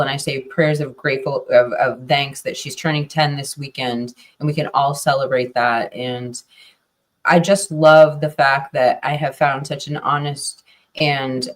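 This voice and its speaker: A woman co-host with an effusive, affectionate way of talking. She pours out warm thanks at length in a loose, rambling flow. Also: extremely low pitch. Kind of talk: emotional podcast conversation.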